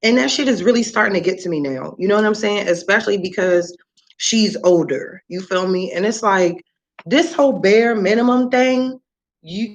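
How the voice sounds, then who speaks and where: A woman in her thirties, a mother on a casual livestream, venting in a profane, rambling, exasperated way. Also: medium pitch. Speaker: livestreaming parent. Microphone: phone or webcam, livestream.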